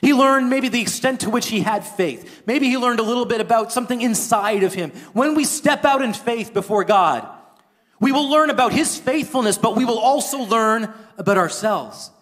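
A pastor preaches with earnest conviction, his voice pitched high for a man. At moments he pushes almost to a shout. A long reverberant tail hangs behind every phrase, like a church sanctuary. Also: normal speed. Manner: earnest preaching, rising to near-shouting at points. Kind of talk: sermon.

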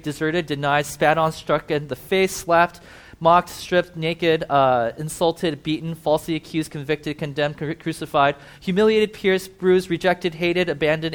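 A man preaching a sermon who tells the story vividly, swings between emphatic and hushed, and talks directly to his listeners. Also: a little high. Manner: conversational asides to listeners.

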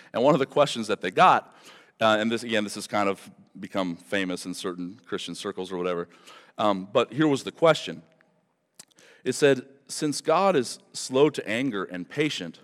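A man's voice: low-pitched, a bit bright, big-room sound. A pastor preaching a sermon to his church, talking conversationally and then building to impassioned emphasis. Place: church service.

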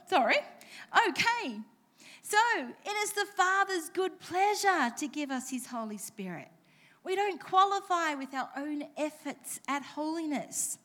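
High-voiced woman preaching a lively sermon. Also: measured pace. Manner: animated, self-deprecating storytelling with playful asides. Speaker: pastor.

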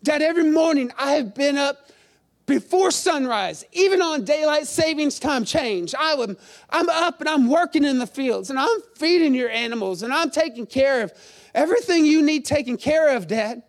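A man's voice: very high voice, animated, normal speed, pitched above the performer's own voice. A man voicing a resentful, dutiful older son who whines his grievances to his father. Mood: aggrieved. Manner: whining, aggrieved complaining.

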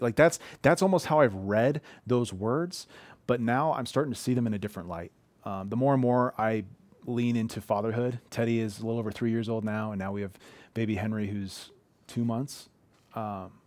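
A man's voice: on the low side, a little mellow, no echo. A man in his thirties preaching an earnest, conversational sermon from a living room, often restarting his sentences. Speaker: pastor.

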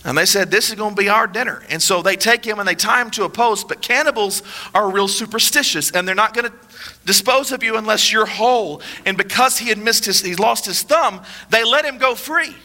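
Bright-voiced, high-pitched male preacher. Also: a little fast. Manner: emphatic, repetitive preaching, dropping low for solemn points. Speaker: pastor. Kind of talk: sermon.

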